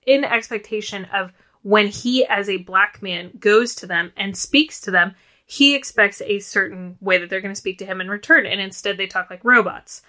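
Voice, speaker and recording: A woman co-hosting a casual film podcast, talking in an easy, rambling way full of "like" and restarts. Her voice is bright and forward at a middling pitch. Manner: chatty, lots of "like" and restarts. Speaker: podcast co-host.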